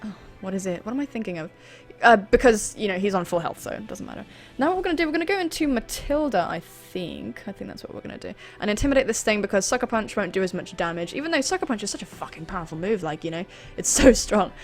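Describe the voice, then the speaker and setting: A woman's voice: medium pitch, quick pace, faint music behind. A woman hosting a gaming channel, chatting through a live battle in a self-deprecating way. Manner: chatty, self-deprecating, sudden excited screams.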